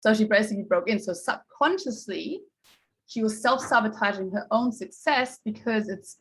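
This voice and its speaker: A woman's voice: mid-range voice, normal speed, fairly bright tone, husky, low-quality recording. Woman, mindset coach, casual group talk, chatty storytelling, acts out quotes.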